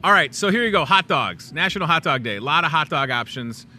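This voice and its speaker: A man's voice: a little high, expressive, quick pace, pushed and bright. A middle-aged man with a Midwestern accent hosting a casual, jokey talk show from a grocery store aisle, upbeat and chatty. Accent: Midwestern American. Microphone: clip-on lapel mic.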